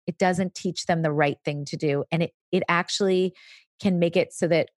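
A woman's voice: on the low side, steady tone, normal speed, dry recording, clean studio sound. A woman speaking as the expert guest in a conversational interview, explaining patiently and now and then acting out what a parent might say. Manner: explanatory, briefly acts out parent and child lines. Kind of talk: casual chat.

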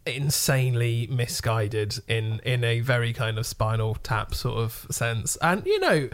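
A man's voice: medium pitch, sing-song, measured pace. A man co-hosting a music podcast, giving thoughtful, rambling opinions in casual chat. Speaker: podcast co-host.

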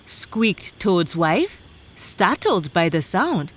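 A woman narrating a children's story in a gentle, expressive way, speaking directly to young listeners. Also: fairly low pitch, very slow, slightly rough.

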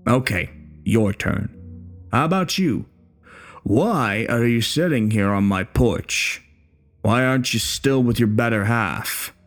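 A man's voice: mid-range voice, lively intonation, takes it slowly, soft background music. A man playing a bitter, crude older war veteran in a horror story, speaking in a coarse, taunting way.

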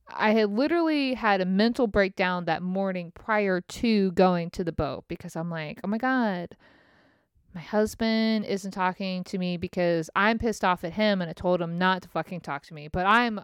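A woman with a smooth, clear voice rants frankly into the mic, sprinkling in swear words and laughing at herself between run-on thoughts. Her tone is self-mocking and unfiltered. The sound is dry and close, with no room around it. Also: on the low side, no echo. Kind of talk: candid personal rant.

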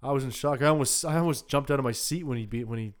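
A man's voice: medium pitch, very fast. A young man co-hosting a podcast in casual chat, telling a story with lots of stumbling restarts and playful exaggeration. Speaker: podcast co-host.

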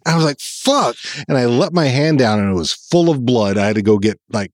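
A man's voice: medium pitch, animated, quick pace, darkish tone, no echo, studio quality. A man from Texas co-hosting a podcast, chatting casually, laughing often and swearing freely. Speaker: podcast co-host. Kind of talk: casual chat.

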